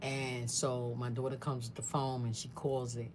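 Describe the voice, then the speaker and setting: A woman's voice: rumbling low, normal speed, heavy background noise. Woman, just chatting through a family story, acts out what folks said. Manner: animated, mimics other people's voices. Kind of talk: casual storytime chat.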